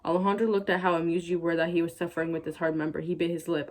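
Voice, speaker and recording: A woman's voice: lowish voice, level tone, quick pace, few pauses, a little mellow. A woman YouTuber reading fan fiction aloud and breaking off for sarcastic, exasperated asides.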